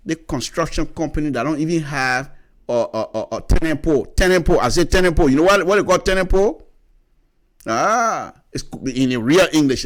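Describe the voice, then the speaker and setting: A man with a Liberian accent giving an opinionated talk on public radio, lecturing and explaining step by step, often repeating words as he goes. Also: on the high side. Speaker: radio commentator.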